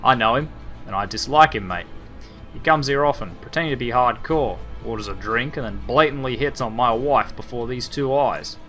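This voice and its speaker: A man's voice: mid-range voice, normal speed, pushed and bright, faint music behind, close to an everyday voice. A man voicing a boastful Australian male bartender, drawling and calling everyone mate. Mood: grumbling.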